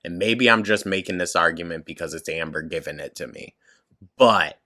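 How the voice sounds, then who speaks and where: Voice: deep voice, moderate pace, bright, forceful tone. A commentary YouTuber reacting to clips, sarcastic and blunt, swearing often and laughing at the material.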